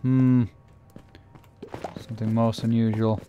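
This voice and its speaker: A man narrating a scary game playthrough in a theatrical way, dropping to a hush and then shouting in panic. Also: mid-range voice, little pitch movement, takes it slowly, lo-fi sound, faint music behind. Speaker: let's player. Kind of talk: acted creepypasta gameplay narration.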